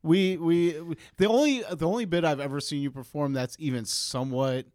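A man's voice: on the high side, fairly quick, darkish tone, dry recording. Male podcast host, thirties, conversational, salty language; resonant clean tone, close and dry. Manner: chatty, swears casually, laughs easily. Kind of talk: casual interview chat.

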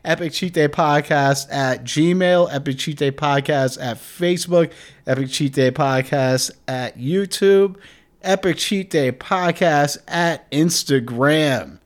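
A man's voice: on the high side, takes it slowly. Profane, rambling male podcast host. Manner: moves closer to and away from the mic. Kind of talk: solo comedy podcast rant.

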